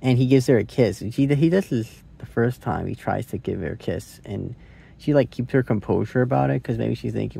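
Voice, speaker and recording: A young man reviews a movie into his phone, his medium-pitched voice gravelly, husky and dark and his pace a little fast. He rambles casually, swears freely and thinks out loud, packing in lots of "like" and "right."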